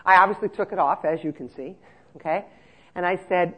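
A middle-aged woman giving a lively conference talk to care staff, telling stories and checking in with her listeners. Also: lowish voice, brisk. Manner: lively storyteller, checks in with "okay?" often. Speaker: speaker on nursing home care. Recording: muffled lo-fi recording.

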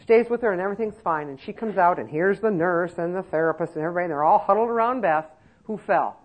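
A woman's voice: on the low side, quick pace, muffled recording. A woman giving a lecture to nursing-home staff, emphatic and conversational, with many rhetorical questions. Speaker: elder-care trainer.

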